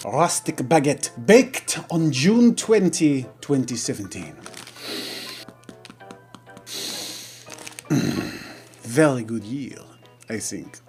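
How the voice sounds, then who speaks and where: A man's voice: medium pitch, animated, takes it slowly, faint music behind. A man voicing a pompous male French starving artist with a put-on, exaggerated French accent, in grandiose, theatrical comic role-play over a game. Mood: musing.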